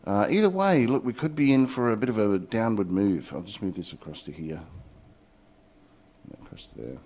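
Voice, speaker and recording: A man's voice: lowish voice, lively intonation, normal speed, a little mellow. A man ranting heatedly and swearing bluntly about the crypto market, then walking through chart analysis in a video. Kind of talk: angry rant and chart commentary.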